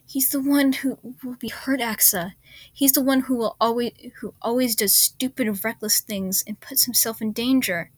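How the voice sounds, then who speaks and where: A woman's voice: medium pitch, fairly even intonation, normal speed, dry recording, lightly acted. A woman voicing a desperate young man who pleads in a shaky voice that keeps rising. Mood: desperate pleading. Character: desperate young man, frantic with fear for his friend.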